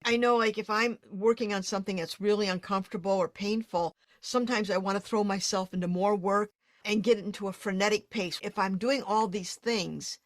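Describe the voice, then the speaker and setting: A woman's voice: mid-range voice, fairly even intonation, a little fast, dry recording. Dry-sounding woman host, thoughtful. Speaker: podcast host. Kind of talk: interview conversation.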